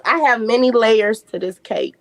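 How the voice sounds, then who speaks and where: A woman, a podcast guest telling lively family stories and laughing often. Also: fairly high pitch, moderate pace, creaky, rough recording. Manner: animated storyteller, laughs often. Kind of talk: casual podcast chat.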